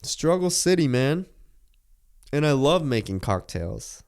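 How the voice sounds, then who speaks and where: A man's voice: medium pitch, very animated, slow, darkish tone. A young man hosting a podcast, chatting casually and rambling with lots of filler words and laughs. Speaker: podcast host. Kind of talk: casual chat.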